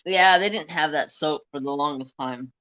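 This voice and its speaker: A man hosting a craft stream, telling a rambling story in a casual, animated way and swearing freely. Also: on the high side, moderate pace, no room sound. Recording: slightly dull, lo-fi sound.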